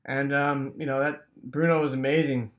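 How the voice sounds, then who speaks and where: A man from Wisconsin casually telling a rambling childhood story, full of fillers and sound effects like "boom.". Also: little pitch movement, normal speed. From Wisconsin, USA.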